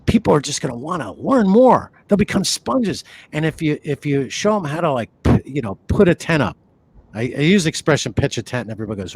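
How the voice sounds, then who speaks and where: A man's voice: fairly high pitch, brisk, husky, no echo. Rambling man talking on a podcast. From New York City area. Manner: animated, rambling, many fillers and restarts. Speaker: podcast co-host. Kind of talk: conversational podcast talk.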